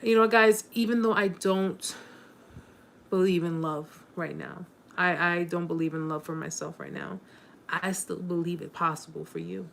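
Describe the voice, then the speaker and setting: A woman hosting a casual live chat with viewers, warm and encouraging, rambling with many fillers and restarts, openly emotional. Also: on the low side, fairly even intonation, moderate pace, creaky, slight background noise.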